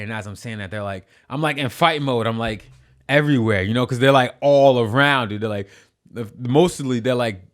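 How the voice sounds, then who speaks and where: A young man casually telling a story as a podcast guest, animated and profane, with lots of restarts. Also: mid-range voice, normal speed. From New York City.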